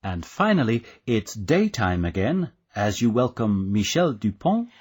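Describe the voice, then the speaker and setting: Husky male language-course narrator. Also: lowish voice, sing-song, a little mellow. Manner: clear, measured teacher's delivery. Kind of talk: scripted instructional narration.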